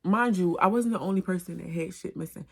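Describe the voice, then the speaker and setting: Profane, gravelly woman telling a story. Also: on the low side, a little fast. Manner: animated, profane, slangy storytelling. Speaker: vlogger. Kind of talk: storytime vlog.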